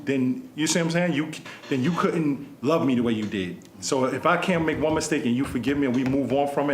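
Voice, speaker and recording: A man's voice: medium pitch, reverberant, slight background noise. A man hosting a casual podcast, telling stories animatedly and swearing freely. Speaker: podcast host. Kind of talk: casual storytelling chat.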